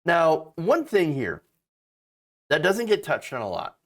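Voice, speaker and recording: A man's voice: on the high side, huge pitch swings, slow. A man hosting casual political commentary, sarcastic and mocking, often restarting and stammering mid-sentence.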